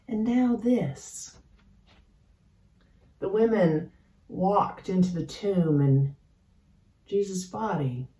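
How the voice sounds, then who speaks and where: A woman pastor preaching a sermon in a slow, measured, reflective way with dramatic pauses, recorded in a church sanctuary. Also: lowish voice, mellow. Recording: roomy church sound from a distance.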